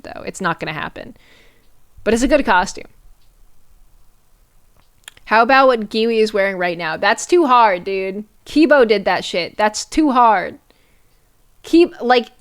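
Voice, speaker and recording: A woman's voice: mid-range voice, clear, resonant tone. Chatty young woman streamer, slangy. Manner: chatty, swearing, slangy, laughs often. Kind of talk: casual stream chat.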